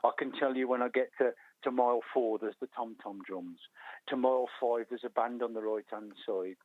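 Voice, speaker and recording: A man's voice: medium pitch, steady tone, normal speed. Older Black Country man, phone-in guest, keen storyteller; thin telephone sound. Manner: eager, rambling storytelling. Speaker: guest runner. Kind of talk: phone-in radio chat. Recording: tinny phone line.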